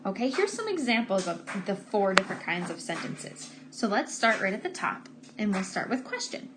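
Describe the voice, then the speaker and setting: A woman teacher giving a patient, slow grammar lesson to first graders, stressing key words. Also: medium pitch, very animated, very noisy. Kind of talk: recorded remote grammar lesson for young children.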